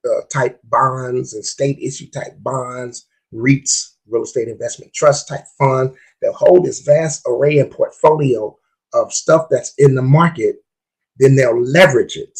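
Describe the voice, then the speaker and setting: A man hosts a podcast on investing. His voice is husky and slightly rough. He talks in an emphatic, preachy way and repeats points for effect. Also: mid-range voice, a little mellow, low-quality recording. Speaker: podcast host. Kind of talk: casual podcast talk on investing.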